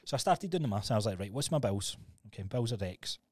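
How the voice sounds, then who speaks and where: A man's voice: on the low side, animated, fast talker, a little mellow. A Scottish man in his thirties co-hosting a podcast, telling his story in a candid, sweary, casual way. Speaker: podcast co-host.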